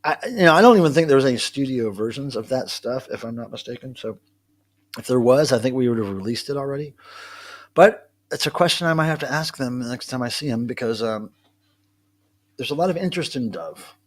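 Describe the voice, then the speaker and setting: At home with his cats, a man hosts a casual live stream, rambling and responding to viewers' comments. His mid-range voice has lively intonation and moves a little fast.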